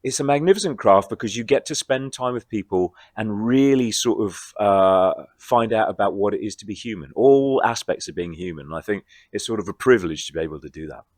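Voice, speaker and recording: A man, a guest actor in a convention interview, talking in a reflective, animated way. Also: fairly low pitch, brisk, hardly any pauses, no echo, studio quality. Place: convention floor.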